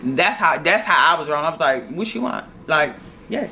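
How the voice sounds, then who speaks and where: Chatty woman vlogger with a bright voice. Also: sits low, moderate pace, slight background noise. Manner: chatty, animated, addresses viewers as y'all. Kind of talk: casual storytelling to camera. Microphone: phone camera.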